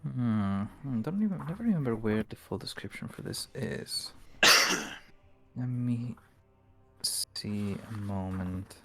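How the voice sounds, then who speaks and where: A man narrating as game master of a tabletop game, unhurried and pausing to look things up. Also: fairly low pitch, animated, a little mellow.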